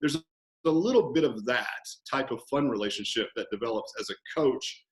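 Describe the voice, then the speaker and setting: Animated storytelling man, echoey room. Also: medium pitch, normal speed. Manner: animated storyteller, acts out coach-client banter. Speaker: fitness business owner, guest. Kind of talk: conversational interview.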